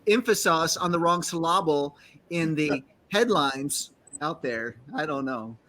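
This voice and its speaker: A man's voice: fairly high pitch, measured pace, a bit bright. A man with a Texan accent joking and laughing in a casual studio chat as co-host. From Texas. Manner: jokey, laughs often.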